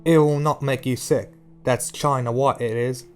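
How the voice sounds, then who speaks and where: A man's voice: medium pitch, steady tone, moderate pace, darkish tone, soft background music, lightly acted. A man voicing a sulky male drug dealer with a British accent, speaking in a defensive, scornful way. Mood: brisk.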